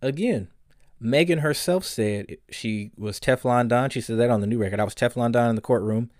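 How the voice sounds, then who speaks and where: A man's voice: mid-range voice, fairly quick, a little mellow, no echo, studio quality. A man hosting a solo commentary podcast, ranting bluntly and profanely, often getting heated. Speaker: podcast host.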